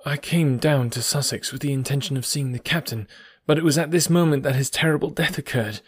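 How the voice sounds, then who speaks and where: A man's voice: a little high, breathy edge, no echo, clean studio sound. An actor reading the part of an anxious young prisoner confessing his story, in an earnest, pleading manner. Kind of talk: audiobook dialogue reading.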